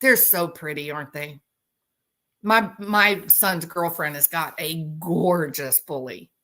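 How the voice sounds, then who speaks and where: A woman hosting a casual chat with her viewers, telling animated stories and laughing often. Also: low voice, slow pace. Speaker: host.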